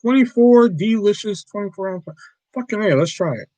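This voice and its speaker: A man's voice: sits high, animated, normal speed, a little mellow, no echo, rough recording. Rambling, cursing man on a livestream. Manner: rambling, profane, easily riled. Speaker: livestream host. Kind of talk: casual livestream chat.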